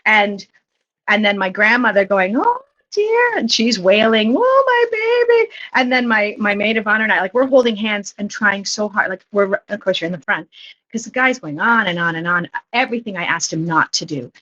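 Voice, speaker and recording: A woman improv comedian and theatre teacher chatting casually as a podcast guest, telling animated stories and slipping into quoted voices. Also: medium pitch, brisk, highs cut off.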